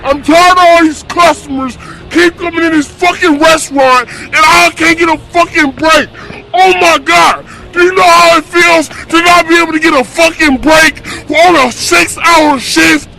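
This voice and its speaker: A worn-out man who works as a fast food cook, shouting and cursing in exasperation, near tears. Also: very high-pitched, fairly even intonation, creaky, rough recording. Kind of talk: ranting to a camera.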